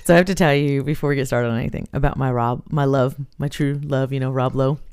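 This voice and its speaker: A woman co-hosting a podcast in casual chat, telling stories in an animated way and laughing often. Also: extremely low pitch, fast talker, clear, resonant tone. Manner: laughs a lot, animated storytelling. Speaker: podcast co-host.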